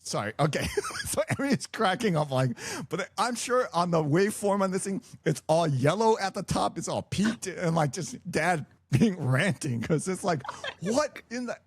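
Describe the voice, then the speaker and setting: A middle-aged father in casual podcast chat, ranting and laughing through halting restarts. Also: high-pitched, expressive, slightly rough.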